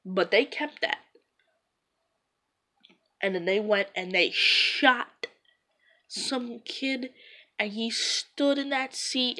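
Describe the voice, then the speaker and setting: A woman's voice: on the high side, sharp tone. A woman vlogger retelling events in a loose, rambling, conversational way. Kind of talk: casual retelling to camera.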